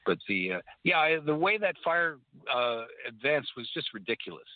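A man chatting as a guest on a talk show, talking haltingly with many restarts. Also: mid-range voice, sing-song, no room sound. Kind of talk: casual talk-radio conversation. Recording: tinny phone-like line, dry.

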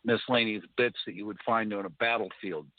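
A man calling in to a talk show, telling a story in a rambling, halting way with many restarts. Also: lowish voice, dry recording. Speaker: caller. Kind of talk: casual phone conversation. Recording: tinny phone line, dry.

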